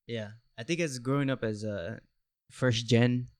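A man's voice: mid-range voice, measured pace, a little mellow, dry recording. Laid-back young man, dry close sound. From born in the US to Mexican parents. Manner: laid-back, hesitant, with fillers and laughs. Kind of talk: casual chat.

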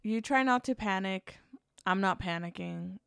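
A woman's voice: mid-range voice, unhurried, creaky, fairly bright tone, smooth, no echo, clean studio sound. A young woman in casual chat, blunt and sardonic, swearing freely.

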